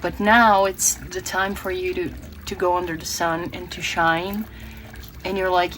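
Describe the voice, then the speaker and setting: A woman's voice: on the low side, steady tone, moderate pace, slight background noise, low-quality recording. A woman from Brazil giving a tarot reading, earnest and emotional, often restarting her words. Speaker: tarot reader.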